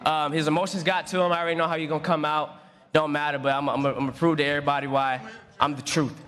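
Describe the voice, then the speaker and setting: A man's voice: a little high, level tone, quick pace, fairly bright tone. A man, a boxer, trash talking at a press conference in a taunting, slangy way. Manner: taunting, slangy, repeats "you dig". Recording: reverberant hall with crowd.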